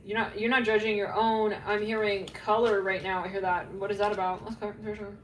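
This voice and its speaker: A woman's voice: mid-range voice, level tone, fairly quick. Rambling tarot reader woman, echoey room. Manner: rambling, filler-heavy, laughs at herself. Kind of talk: casual psychic tarot reading to camera. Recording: echoey room, faint background hum.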